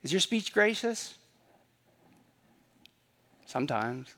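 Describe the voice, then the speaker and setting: A man preaching a sermon in a relaxed, conversational tone. He keeps circling back to key phrases and tosses rhetorical questions at the congregation. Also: on the high side, slow pace. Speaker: pastor.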